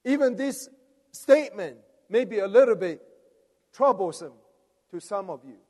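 A man's voice: high voice, lively intonation, moderate pace, darkish tone. A man preaching a sermon, rousing, coaxing the audience to respond. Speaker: preacher leading a conference message. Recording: long reverb of a large hall.

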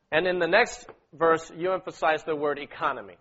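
A man preaching to a congregation in a high, lifted voice, coaxing the room to read along and calling out short prompts. The sound is dull and lo-fi, as from a modest recorder. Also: moderate pace, few pauses, a bit bright. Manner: exhorting, repeats words, prompts the congregation with "okay?" and "amen". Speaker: pastor leading a church meeting. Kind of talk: sermon with group scripture reading.

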